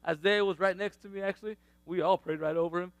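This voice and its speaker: Animated high-voiced man telling a testimony. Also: quick pace, no echo. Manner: animated, laughs often, acts out quotes. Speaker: father sharing faith testimony. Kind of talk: casual testimony.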